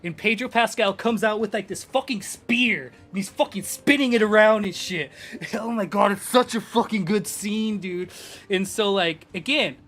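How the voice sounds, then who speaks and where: A young man, a game streamer, rambling in excitable, profane casual chat at his home gaming setup on a desk microphone. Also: high-pitched, moderate pace, faint music behind.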